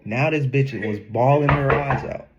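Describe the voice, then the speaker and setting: A young man telling a casual storytime in an animated, slangy way, laughing often. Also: medium pitch, unhurried, muffled recording, very noisy. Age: young adult. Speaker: vlogger.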